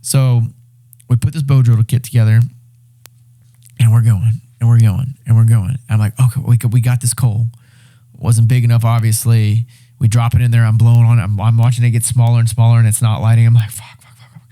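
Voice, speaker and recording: Mellow-voiced man telling an excited survival story. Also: medium pitch, a little fast. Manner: animated, excited retelling with swearing and restarts. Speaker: podcast guest, reality show winner. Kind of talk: casual storytelling.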